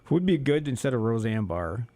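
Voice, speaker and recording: A man's voice: medium pitch, very animated, brisk, dark tone. A man co-hosting a local radio show in casual chat on a studio microphone, joking and laughing often. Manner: joking, laughing often, drops into silly voices.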